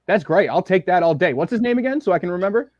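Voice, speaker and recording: A man's voice: sits high, animated, quick pace, darkish tone, no echo, lo-fi sound. A man in his thirties from Boston, a laughing, easygoing guest joining a podcast over a video call. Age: 30s. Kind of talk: casual podcast conversation. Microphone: video call from his room.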